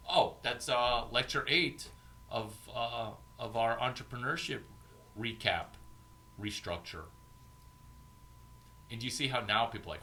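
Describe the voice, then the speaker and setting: A man giving an informal, profane coaching talk as an entrepreneurship mentor, animated and acting out bits of banter. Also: on the low side, measured pace, a little hiss or hum.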